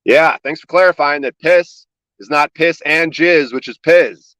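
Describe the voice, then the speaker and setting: A man's voice: on the high side, dry recording, low-quality recording. A man guest on a livestream podcast, ranting in a sarcastic, exasperated, profane comedic style. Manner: loud, exasperated, sarcastic, rapid-fire swearing.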